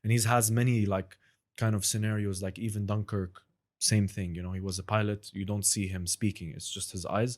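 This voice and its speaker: A man's voice: lowish voice, level tone, fast talker. A man, a podcast guest and impressionist, chatting casually in a rambling, hedging way. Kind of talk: casual chat.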